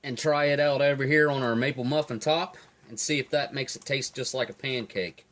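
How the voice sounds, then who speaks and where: A man giving a relaxed, enthusiastic tasting review of field rations, talking while he eats. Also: medium pitch, a little fast, a little hiss or hum. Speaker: food reviewer. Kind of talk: casual food review.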